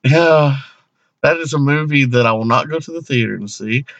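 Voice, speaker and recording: A man's voice: medium pitch, fast talker, fairly bright tone, no room sound, dull audio. A man co-hosting a casual comedy podcast, rambling with lots of fillers and laughing often. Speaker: podcast co-host.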